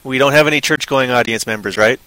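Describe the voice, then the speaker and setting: A man co-hosting a casual podcast chat, rambling and joking, often breaking into loud silly voices. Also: mid-range voice, fast talker, no room sound, low-quality recording. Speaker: podcast co-host.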